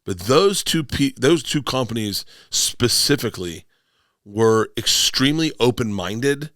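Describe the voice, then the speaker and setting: Middle-aged comic, loud rambling raconteur, bright forceful voice, swears freely, acts out quotes, dry close sound. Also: male voice, mid-range voice, animated, unhurried, no echo. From Tampa, Florida. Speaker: podcast guest, comedian. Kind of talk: casual storytelling.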